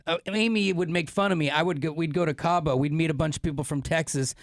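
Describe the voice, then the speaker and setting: A man's voice: a little high, fast talker, no echo, clean studio sound. A man co-hosting a radio show, teasing and wisecracking in casual chat. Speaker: radio co-host.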